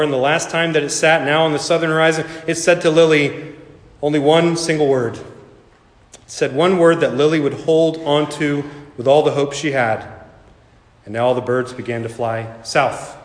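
Earnest pastor with echoing hall. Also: male voice, a little high, steady tone. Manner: earnest, slow, falling soft for emphasis. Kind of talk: sermon with storytelling. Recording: echoey hall reverb.

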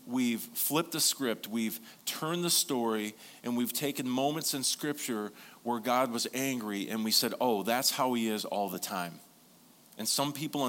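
Male pastor, mid-pitched, animated storyteller, asks the room for amens. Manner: lively storytelling with congregation call-and-response. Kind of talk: sermon.

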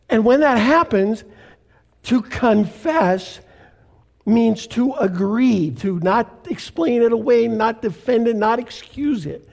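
An older man from Canada, a pastor preaching a sermon in a slow, deliberate way with emphatic pauses. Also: very high voice, lively intonation, vocal fry, a little mellow.

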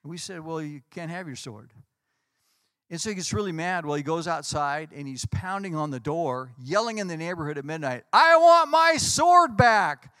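A man, a pastor, telling lively anecdotes in conversation and acting out what people said. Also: on the high side, a little fast, dry recording. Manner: animated anecdotes, acts out quotes. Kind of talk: storytelling in a conversation.

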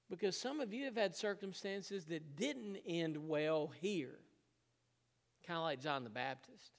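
A man's voice: a little high, in a large hall. A man preaching a sermon, telling a personal story with emotion and frequent laughs. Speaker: pastor.

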